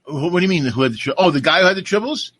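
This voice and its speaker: Older male co-host, bright and animated, teasing. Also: sits high, rapid-fire. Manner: joking, teasing. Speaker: podcast co-host. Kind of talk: casual chat.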